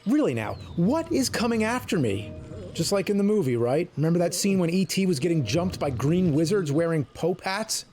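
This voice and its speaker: A man giving a comedic retro game review, swearing loudly and exasperated at the game. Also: fairly high pitch, expressive, fairly quick, hardly any pauses, soft background music. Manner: foul-mouthed, exasperated outbursts.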